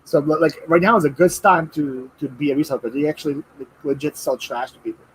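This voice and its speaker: A man hosting a live stream, chatting casually and getting loud and excited over viewer donations. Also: fairly high pitch, fast, slight background noise, rough recording. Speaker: livestream host. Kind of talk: casual chat.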